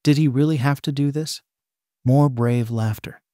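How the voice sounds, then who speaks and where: A man narrates fan fiction in a steady, plain reading voice and keeps the swearing in. His pitch sits in an ordinary middle range. The sound is dry and close, with no room around it. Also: normal speed, dry recording. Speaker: story narrator.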